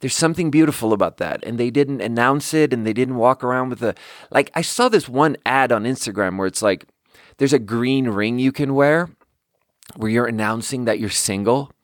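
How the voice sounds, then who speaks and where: A man's voice: mid-range voice, normal speed, dry recording, clean studio sound. A young man hosting a podcast, telling stories in a rambling, profane, casual monologue with bursts of laughter. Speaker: podcast host.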